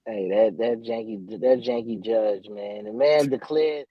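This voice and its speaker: A father co-hosting a casual livestream, telling animated family stories in slangy banter and acting out the quotes. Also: fairly low pitch, unhurried, few pauses, dry recording, low-quality recording. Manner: animated storyteller who acts out quotes, slangy. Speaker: podcast co-host. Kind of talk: casual storytelling chat.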